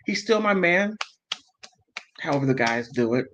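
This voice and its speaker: A man with a fairly high, lively voice hosts a livestream at normal speed, reading chat comments aloud and working himself up. Emotional and heated, he keeps interrupting himself to apologize and correct things. The audio is dull and lo-fi, with background noise.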